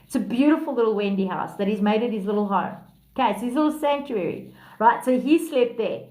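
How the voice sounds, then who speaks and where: A woman's voice: fairly high pitch, a little fast, a little mellow, roomy sound. A woman hosting a live stream on her phone, chatting casually with viewers, blunt and profane, laughing often and calling commenters by name. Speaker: livestream host.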